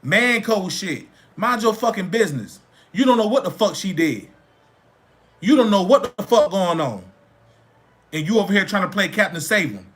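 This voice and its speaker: A man's voice: sits high, expressive, normal speed, a bit bright. A man hosting a livestream, lecturing his viewers in a blunt, profane way and repeating phrases for emphasis. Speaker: livestream host. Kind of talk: casual live-stream rant.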